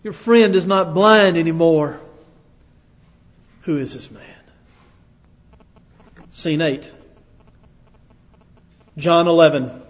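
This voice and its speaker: A male preacher telling a sermon as dramatic second-person storytelling, dropping to a hush and rising to loud declarations. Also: on the high side, very slow, pauses often. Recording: echoey hall, dull lo-fi sound.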